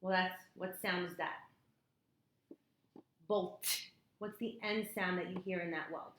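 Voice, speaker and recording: A woman tutoring a child in phonics one-on-one, patient and encouraging, repeating words slowly in a classroom. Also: on the low side, steady tone, fairly bright tone. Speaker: reading tutor. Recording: echoey room, faint noise.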